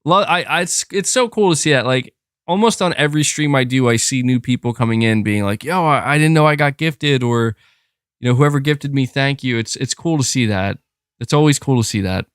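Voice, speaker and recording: A man's voice: mid-range voice, a little fast, clear, resonant tone, no room sound, studio quality. A man streaming and chatting with his viewers in a casual, rambling way, with many fillers and restarts. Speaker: streamer reading chat. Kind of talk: casual livestream chat.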